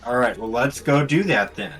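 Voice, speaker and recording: A man's voice: medium pitch, moderate pace, a bit bright, soft background music, low-quality recording. A man playing a tabletop game, laid-back and drawling. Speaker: player. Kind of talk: casual game play.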